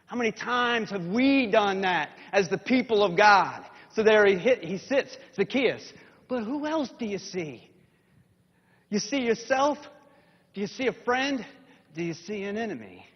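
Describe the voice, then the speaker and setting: A man with a very high, husky voice preaches a story sermon, acting out every scene with a sweep from hushed whispers up to shouts. The recording is dull and lo-fi, carrying the long reverb of a large hall. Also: animated, measured pace.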